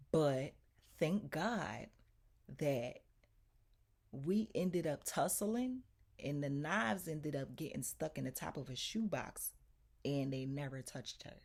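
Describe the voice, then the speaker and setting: Low-voiced woman telling a story. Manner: animated, emphatic, addresses viewers directly. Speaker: vlogger. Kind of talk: casual storytelling to viewers.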